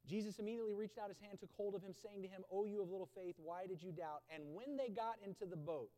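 A man preaching a sermon from a church stage, swinging between loud urgent bursts and low quiet emphasis and repeating phrases to drive them home. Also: fast talker. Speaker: pastor. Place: stage in a large indoor church building. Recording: long hall reverb.

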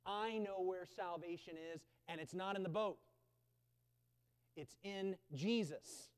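High-voiced preacher in a reverberant hall. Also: male voice, slow pace, smooth. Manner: swings between loud urgent bursts and low quiet emphasis; repeats phrases for emphasis. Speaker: pastor. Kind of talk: sermon. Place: stage in a large indoor church building.

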